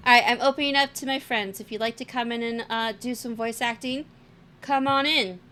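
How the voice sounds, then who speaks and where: A woman streamer reading game dialogue aloud in a playful, gentle manner on a live stream. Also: fairly high pitch, steady tone, a little fast, soft background music.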